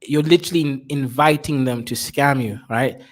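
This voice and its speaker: A man reacting to a video in casual commentary, animated and jokey. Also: normal speed. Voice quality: animated and jokey, with swings in pitch. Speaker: reaction streamer.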